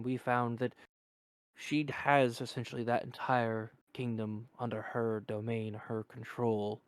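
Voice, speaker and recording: A formal court official in a tabletop game, put on by a man, speaking slowly and with composure. The voice sits at an ordinary pitch, and the recording sounds dry and close to the mic. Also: clean tone, no echo. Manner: measured, formal.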